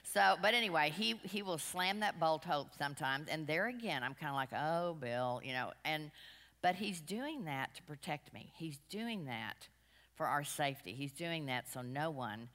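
A middle-aged woman with a low, bright, forceful voice tells rambling stories to a group. Her talk is chatty and self-mocking, and it rings with a long hall reverb. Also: normal speed. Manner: rambling, chatty, self-deprecating, animated anecdotes. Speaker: women's class speaker.

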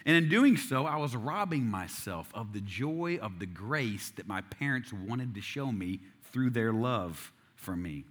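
A man's voice: mid-range voice, sing-song, a little slow, few pauses. Man, 40s, pastor preaching a sermon; conversational storyteller, self-deprecating, asks rhetorical questions, mid-range voice.

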